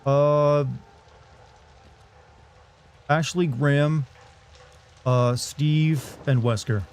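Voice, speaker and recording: A man's voice: a little high, steady tone, very slow, darkish tone. Joking man streaming gameplay. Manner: jokey, chatting with chat, trying out silly voices. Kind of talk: live gameplay commentary.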